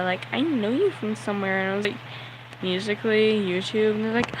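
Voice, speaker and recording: A man's voice: high voice, moderate pace, background noise. A young man telling a story on a livestream, nervous and sweaty, talking in a rambling way full of "like" and acting out the people in his story.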